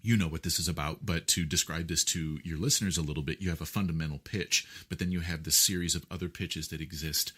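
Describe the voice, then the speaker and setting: A man's voice: extremely low pitch, steady tone, fast, hardly any pauses, a bit bright, husky. A man being interviewed, explaining music theory in a lecturing way, with frequent fillers and questions like "right?" to check that he is understood. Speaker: guest musician.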